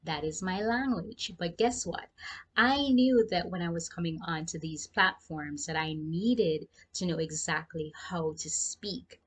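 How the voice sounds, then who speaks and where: A young woman with a Jamaican accent shares work tips in a relaxed vlog. Her voice sits a little low. She sounds chatty and speaks straight to the viewer. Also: measured pace, slightly rough. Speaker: freelancing vlogger. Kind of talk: casual advice vlog.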